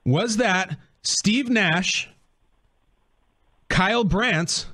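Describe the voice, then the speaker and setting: A man hosting a sports talk radio game segment, taking a caller and running a quick quiz bit. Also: high voice, sharp tone, a little hiss or hum. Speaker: radio host.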